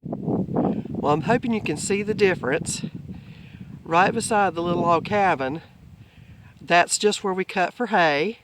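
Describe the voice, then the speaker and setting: A relaxed man walks the pasture and explains the grazing plan, his voice slightly high for a man. He speaks casually, as if filming for friends outdoors. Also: a little slow, long pauses, background noise. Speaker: homesteader filming the farm. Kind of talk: casual farm vlog narration.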